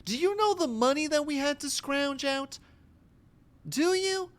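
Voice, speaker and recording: A woman's voice: high-pitched, measured pace. A woman voicing a bossy, pushy male tourist named John in a comedy skit, speaking in stiff formal banter. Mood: exasperated. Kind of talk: comedy skit role-play.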